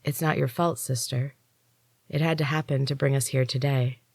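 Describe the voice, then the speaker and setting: A woman voicing a serene, earnest young woman in an audiobook reading, gentle and unhurried. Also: very deep voice, fairly even intonation, vocal fry, no room sound, clean studio sound, full character voice.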